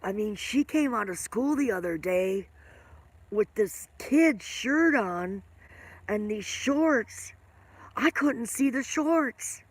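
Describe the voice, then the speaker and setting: A woman's voice: fairly high pitch, lively intonation, slow, no echo. An older woman hosts a loose, rambling live stream and talks to her viewers by name. Her voice carries a smoker's cough, and she chats easily from one thought to the next. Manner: rambling, chatty, answers viewer comments by name.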